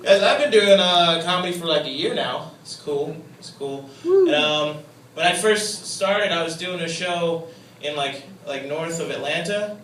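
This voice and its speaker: A young man works a comedy club stage, his high voice bright and very animated, dipping to mumbled asides and leaping into mock shouts. He sounds distant and echoey. There is faint room ambience behind him. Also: a little slow, a little hiss or hum. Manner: self-mocking, jumps into loud mock outbursts then drops low. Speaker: stand-up comedian. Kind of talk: stand-up comedy set.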